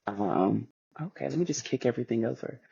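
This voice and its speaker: A man's voice: mid-range voice, brisk, gravelly, warm tone, husky, no room sound. A man co-hosting a casual podcast chat, reflective and affirming, thinking aloud as he tells a story. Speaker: podcast co-host. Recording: dull, dry, lo-fi.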